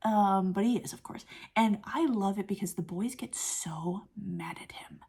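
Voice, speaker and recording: A woman's voice: medium pitch, measured pace, creaky, darkish tone, breathy edge. A young woman giving a casual film review. She talks in a chatty way full of fillers and often drops into a whisper.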